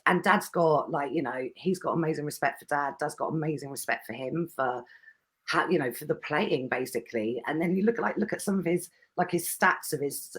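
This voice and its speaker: Chatty, giggly woman. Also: low voice. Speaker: podcast guest. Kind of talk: casual chat.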